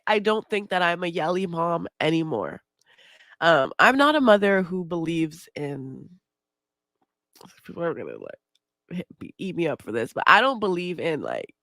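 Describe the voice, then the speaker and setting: Woman podcast host, candid and confessional, swears freely, very expressive pitch, unhurried, dry close sound. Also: no echo. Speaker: mother. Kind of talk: candid casual podcast monologue.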